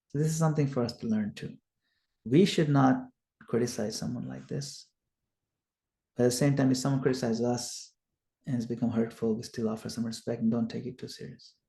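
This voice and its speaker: Guy teaching a scripture class, tells the story lively, mid voice, roomy echo. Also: mid-range voice, vocal fry. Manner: animated storyteller, acts out quotes. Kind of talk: storytelling lecture. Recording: echoey room.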